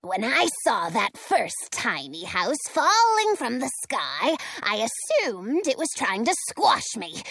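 A woman reading a storybook voices a haughty old witch who snarls slow, spiteful accusations. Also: mid-range voice, vocal fry, a bit bright, breathy edge, no echo, full character voice.

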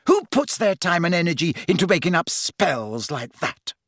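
A man's voice: on the high side, big pitch swings, normal speed, fairly bright tone, no echo, clean studio sound, voice pushed up, heavily acted. A man doing a stern, disapproving teen witch girl. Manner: stern, reproachful. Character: clever disapproving teenage schoolgirl witch.

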